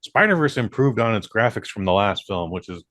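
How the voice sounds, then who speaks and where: A man's voice: fairly low pitch, animated, brisk, fairly bright tone, no room sound, clean studio sound. A man in casual podcast chat, talking bluntly and swearing for emphasis. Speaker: podcast co-host.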